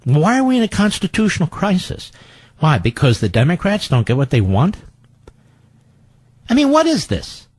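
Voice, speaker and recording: A man's voice: sits high, huge pitch swings, normal speed, pauses often, darkish tone, slightly rough, no room sound. A man hosting political talk radio, combative and sarcastic, often mocking his opponents in quoted voices.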